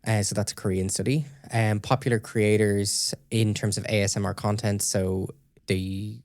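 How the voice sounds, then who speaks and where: A man with a low, gravelly voice walks his co-host through research findings in relaxed podcast chat. He explains things steadily and checks in often to make sure she is following. The sound is dry and close. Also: moderate pace, dry recording.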